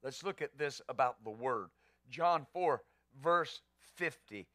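A man's voice: medium pitch, expressive, takes it slowly, pushed and bright, no room sound, clean studio sound. A man pastor preaching a sermon, emphatic, asking rhetorical questions and answering them.

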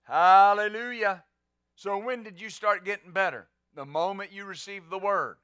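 At normal speed, a pastor with a strikingly high, bright voice drives home every point through rhetorical questions. The audio is dry and close-miked, with no sense of a room around him.

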